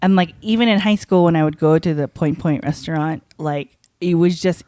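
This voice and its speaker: A woman co-hosting a podcast, telling stories in animated, casual chat with frequent laughs. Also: sits low, brisk, no room sound, studio quality. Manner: animated storyteller, laughs often. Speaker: podcast co-host.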